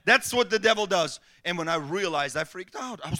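A man's voice: sits high, fairly quick. A man preaching a sermon as pastor, telling personal stories and acting out what people said to him. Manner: animated storytelling, acting out quotes.

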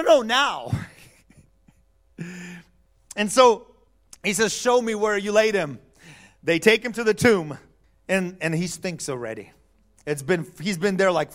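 A man's voice: high voice, fairly bright tone. A middle-aged man preaching a conversational sermon, telling the story and checking in with his listeners. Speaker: pastor.

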